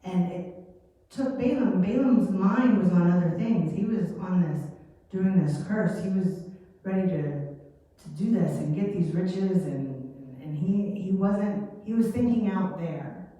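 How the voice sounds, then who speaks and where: A woman teaching a children's Sunday lesson, telling a Bible story in a chatty, animated way. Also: fairly low pitch, a little slow. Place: church hall. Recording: echoey hall from far off.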